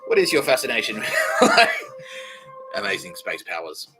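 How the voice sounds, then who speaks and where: Aussie guy rambling on his comedy podcast, low voice but swings all over, swears a lot, music playing behind. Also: very animated, normal speed, poor audio. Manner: rambling, jokey, swears, laughs at own jokes. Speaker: podcast host.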